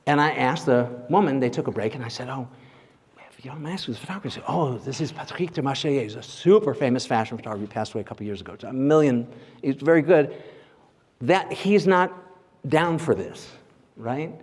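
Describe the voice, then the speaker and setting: A man's voice: medium pitch, animated, fairly quick, darkish tone, slightly rough. Chatty man lecturing in a reverberant hall. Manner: chatty and conversational, leans on "like" and "right?" checks with the audience. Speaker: guest lecturer, portrait photographer. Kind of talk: informal lecture to a live audience. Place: large lecture hall at a symposium. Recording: long reverb of a big hall.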